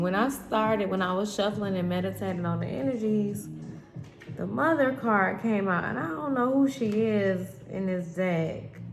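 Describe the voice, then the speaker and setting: A woman reads tarot for her viewers on a phone, her voice emotional and candid, with a gravelly edge. She speaks in an echoey room, and soft music plays faintly behind her. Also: mid-range voice. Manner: candid, addresses viewers as y'all. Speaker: tarot reader. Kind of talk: spiritual tarot reading.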